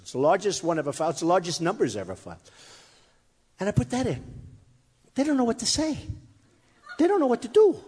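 A man's voice: high-pitched, darkish tone, husky. Boastful man rambling to a rally crowd. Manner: boastful, rambling, repeats phrases; mocks his critics in quoted voices. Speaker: political candidate addressing a rally. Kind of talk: off-the-cuff campaign speech. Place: hot crowded room with an audience. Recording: echoey hall, faint crowd.

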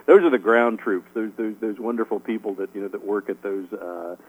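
A middle-aged author, guesting on a casual radio interview, answers in a fairly quick, lowish voice, rambling with lots of fillers and chuckling often. The recording is rough.

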